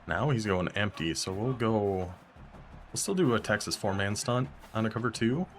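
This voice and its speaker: A young man commentating his own football video game as he plays, talking to himself and reacting with sudden excitement and frustration. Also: fairly low pitch, a little hiss or hum. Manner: talks to himself while playing, quick bursts of excitement and frustration. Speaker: gaming YouTuber. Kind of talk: live gameplay commentary.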